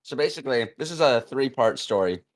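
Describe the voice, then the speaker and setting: A man's voice: mid-range voice, expressive, fairly quick. A young man casually telling a long story on a podcast, rambling with fillers and restarts and acting out the quoted lines. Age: young adult.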